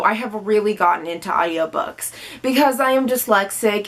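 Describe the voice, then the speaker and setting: A young woman in her twenties talks to the camera in a high, bright voice. She is bubbly and playful, and now and then she slips into silly voices. It feels like a casual chat filmed at home. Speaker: book vlogger.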